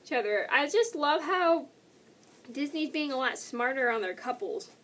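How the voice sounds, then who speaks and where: A woman's voice: high voice, animated, normal speed, a bit bright, a little hiss or hum. A young woman vlogging casually, answering questions in a rambling, self-correcting way and sounding tired. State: tired and yawning. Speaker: YouTuber.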